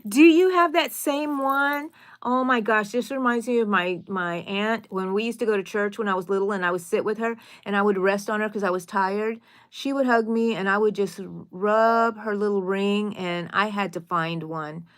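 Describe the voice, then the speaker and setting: A woman's voice: medium pitch, moderate pace. Middle-aged woman, casual live-stream host, chatty, answers viewers. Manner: chatty, reads viewer comments aloud. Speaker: crochet channel host.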